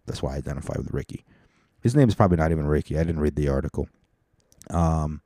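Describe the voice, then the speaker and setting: A man's voice: a bass voice, fast, pauses often, warm tone, no room sound, studio quality. A young man hosting a podcast, rambling through a profane, self-mocking comedic monologue. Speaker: podcast host.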